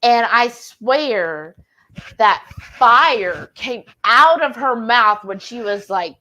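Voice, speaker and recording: A woman with a high voice hosts a relaxed live chat, reading viewer comments aloud. She tells stories in an unhurried, drawn-out way and giggles often. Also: low-quality recording. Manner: giggly, chatty storyteller. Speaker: host.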